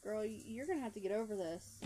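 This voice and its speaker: A woman's voice: mid-range voice, lively intonation, a little fast, mellow, slight background noise. A woman giving casual commentary while playing a life-sim game, chatting to her character and laughing often. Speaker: gameplay commentator.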